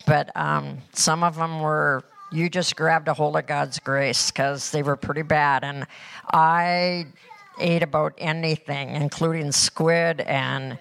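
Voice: mid-range voice, fairly even intonation, slow pace, vocal fry, a bit bright. A person reporting on a church mission trip, talking earnestly and rambling with many fillers. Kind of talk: casual church talk.

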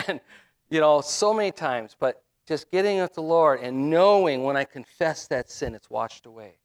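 Middle-aged guy preaching a sermon, kinda high voice, lots of you-knows and restarts, talks like he's just chatting. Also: lively intonation, normal speed. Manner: conversational, repetitive, with frequent fillers and restarts. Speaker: minister.

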